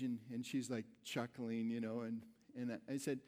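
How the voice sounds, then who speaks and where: A man's voice: medium pitch, level tone, moderate pace, hardly any pauses, darkish tone. A middle-aged man preaching a sermon, telling a personal story in a rambling, conversational way with many restarts. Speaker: pastor.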